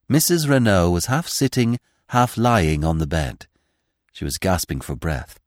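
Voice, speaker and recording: A man narrating a classic story in measured, scripted audiobook style. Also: sits low, expressive, no echo, clean studio sound. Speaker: podcast narrator.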